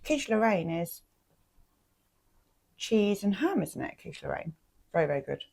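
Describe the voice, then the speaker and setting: A woman, talking gently and chattily as she narrates a slow-living vlog and laughs easily. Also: fairly low pitch, very animated, gravelly. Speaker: lifestyle vlogger. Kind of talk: casual vlog chat and narration. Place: home and small-town outings.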